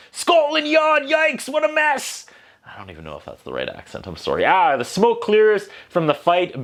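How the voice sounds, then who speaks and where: A man's voice: a little high, fairly bright tone. A man giving a casual, comedic movie review from home, full of sarcastic, wry asides.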